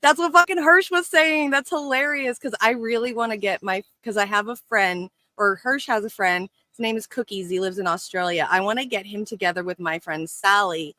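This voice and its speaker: Profane, laughing co-host man, bright voice. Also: high voice, normal speed, few pauses, dry recording. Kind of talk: casual political chat.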